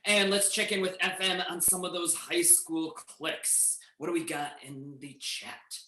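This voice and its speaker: A man refereeing and hosting a live online improv comedy match, announcing games briskly. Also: high-pitched, sharp tone, reverberant, poor audio.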